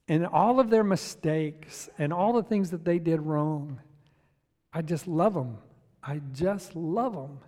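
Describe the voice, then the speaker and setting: High-voiced male pastor preaching, hall reverb. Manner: swings from hushed to loud and emphatic. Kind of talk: sermon. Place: church sanctuary. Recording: long reverb of a church hall.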